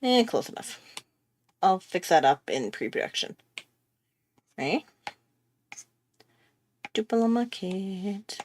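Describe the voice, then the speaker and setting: A woman with a deep voice chats casually while drawing on a livestream she hosts as an artist. Her pitch swings widely, her pace is measured with long pauses, and she often mocks herself and laughs.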